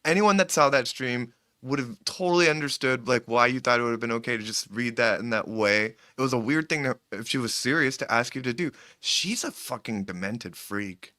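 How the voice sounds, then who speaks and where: An emphatic co-host with a bright, forceful tone, bluntly backing up the host in casual gossip chat. The sound is close and dry. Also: medium pitch, a little fast, hardly any pauses, no room sound. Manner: emphatic, supportive, blunt insults.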